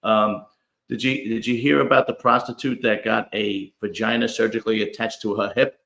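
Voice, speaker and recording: A man's voice: on the low side, little pitch movement, moderate pace, creaky, fairly bright tone, roomy sound. Stammering casual male podcast host. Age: 40s. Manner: rambling, stammers and restarts often. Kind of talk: casual chat.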